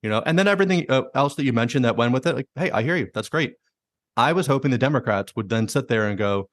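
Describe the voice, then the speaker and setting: A man hosting a podcast, chatting casually and bluntly about politics, swearing freely and mimicking politicians in quick asides. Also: mid-range voice, animated, no room sound, clean studio sound. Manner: fast, swearing, mimics politicians in quoted voices. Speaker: podcast host.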